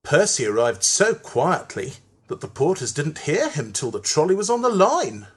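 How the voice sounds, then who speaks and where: A narrator reading a children's train story aloud in an expressive storytelling manner. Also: mid-range voice, breathy edge. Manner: slow, lively storytelling.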